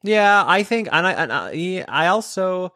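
A playful man hosting a casual podcast, his voice swinging wildly up and down as he acts out little scenes. The tone is bright and sharp. The recording is dry and close. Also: high voice, sing-song, moderate pace, no room sound. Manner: playful, laughing, theatrical. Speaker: podcast host. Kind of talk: casual chat.

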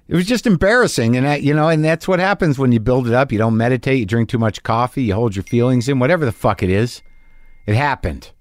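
A man's voice: mid-range voice, dry recording, clean studio sound. A middle-aged man, a stand-up comic hosting his podcast, telling a story candidly and with lots of swearing, acting out both sides of an argument. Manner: confessional, profane, acts out both sides of an argument. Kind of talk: candid monologue.

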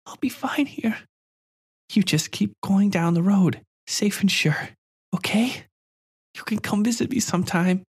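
A man voicing a frightened, lonely little girl who pleads in a soft, high voice. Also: unhurried, husky, heavily acted. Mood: frightened pleading.

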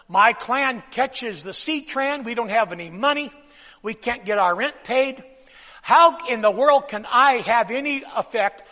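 A man preaching a sermon, swinging from loud bursts to hushed drops and having the congregation repeat phrases after him. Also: very high-pitched, lively intonation, moderate pace. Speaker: pastor. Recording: long hall reverb.

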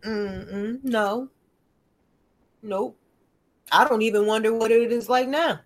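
A woman's voice: on the high side, takes it slowly. A woman in casual conversation about her children, telling stories in a slangy, profane way and acting out both sides of the dialogue. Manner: animated storytelling, acting out dialogue in shifting voices. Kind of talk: casual podcast chat.

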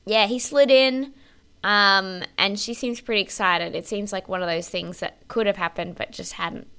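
A woman's voice: medium pitch, steady tone, moderate pace, vocal fry, sharp tone, clear, resonant tone. A woman co-hosting a podcast, chatting casually about a TV show, laughing often and swearing freely. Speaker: podcast co-host. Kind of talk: casual chat recapping a TV show.

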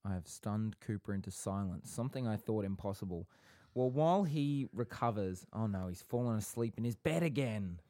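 Young male podcast co-host, low and mellow, teasing, dry close mic. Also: expressive, moderate pace, few pauses, no room sound. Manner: rambling, teasing and playfully theatrical. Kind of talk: casual podcast chat.

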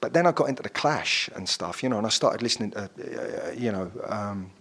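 A man's voice: lowish voice, expressive, fairly quick, fairly bright tone, slightly rough. A middle-aged man, chatting casually as a guest and rambling through stories with lots of fillers. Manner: rambling storyteller with many fillers. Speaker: actor guest. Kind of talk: casual chat.

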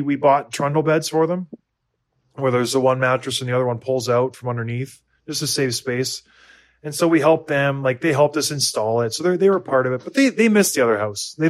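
Rambling, self-mocking American man. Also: medium pitch. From United States. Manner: rambling, self-deprecating, lots of restarts and fillers. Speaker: podcast co-host. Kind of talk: casual chat.

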